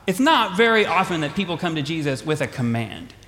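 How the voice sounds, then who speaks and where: A male pastor preaching a sermon, retelling a story with animated, repetitive phrasing. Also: on the high side, fairly quick. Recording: long hall reverb.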